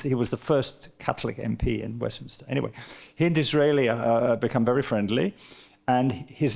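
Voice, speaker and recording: Brief: male author at a festival book talk, rambling, stop-start, gravelly husky voice. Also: mid-range voice, darkish tone. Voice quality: halting, repeats words often. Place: live literary festival event.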